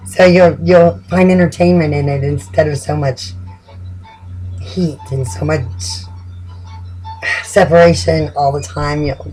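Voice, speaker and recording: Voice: medium pitch, low-quality recording. Laughing, chatty tarot reader. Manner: chatty, laughs often, amused; repeats words and restarts while thinking. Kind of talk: casual spoken tarot reading.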